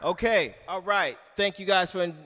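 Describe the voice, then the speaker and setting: A man hosting a stand-up comedy show and closing it with a relaxed, easygoing sign-off. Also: high-pitched, measured pace. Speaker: host.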